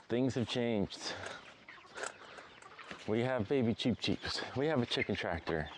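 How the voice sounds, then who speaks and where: A man's voice: fairly low pitch, animated, unhurried, long pauses, noisy background. A man hosting a casual vlog outdoors on a small farm, chatting along and cooing at his animals in playful baby talk. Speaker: homesteading channel host.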